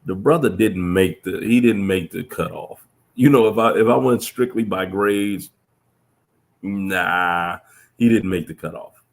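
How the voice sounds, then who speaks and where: A man, a professor, telling reflective stories in a casual conversation, earnest and full of restarts. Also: measured pace. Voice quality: deep gravelly voice. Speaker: professor, guest.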